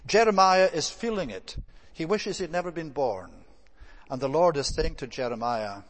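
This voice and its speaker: A man's voice: on the high side, normal speed. A man preaching an expository sermon, reading scripture aloud in old-fashioned wording and then explaining it plainly. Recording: long reverb of a large hall.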